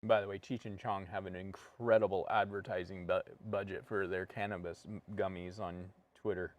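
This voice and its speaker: Relaxed man teaching painting. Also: low voice, normal speed. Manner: relaxed, joking, talks through each step. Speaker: painting instructor and co-host. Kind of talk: casual painting tutorial.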